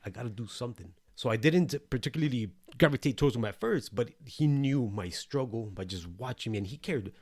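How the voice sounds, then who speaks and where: A man's voice: medium pitch, animated, a little fast, hardly any pauses, a little mellow, no room sound, clean studio sound. A man co-hosting a podcast, telling his own story in a loose, profane, streetwise way. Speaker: podcast co-host. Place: El Paso recording studio.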